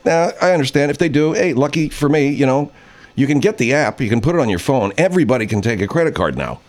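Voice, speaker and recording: A radio host over fifty, speaking at medium pitch, tells a rambling, profane story in casual chat. He puts on voices whenever he quotes people.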